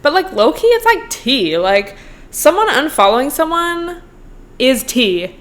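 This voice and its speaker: A woman's voice: sits high, very animated, measured pace. Young woman rambling on her podcast, says "like" constantly, swears a lot, laughs a bunch. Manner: chatty, swears a lot, heavy use of "like"; laughs between points. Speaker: podcast host. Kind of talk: casual solo podcast chat.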